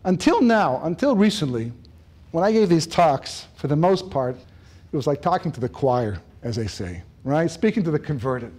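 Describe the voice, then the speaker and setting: A man giving a Torah lecture, animated, joking and laughing as he acts out dialogue. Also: a little high, moderate pace. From lives in Israel. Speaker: rabbi giving a Torah talk. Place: lecture room.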